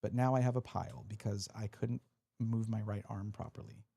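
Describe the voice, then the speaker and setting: A man's voice: fairly low pitch, fairly even intonation, normal speed, vocal fry, mellow, breathy edge. A man live-streaming, chatting casually and reading out viewer messages as he opens card packs. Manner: chatty, reads chat aloud, restarts often.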